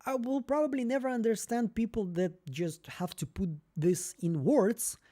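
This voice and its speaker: A man's voice: very high-pitched, normal speed, mellow. A young man with a non-native English accent, chatting candidly and rambling on a live stream as host. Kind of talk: casual live-stream chat.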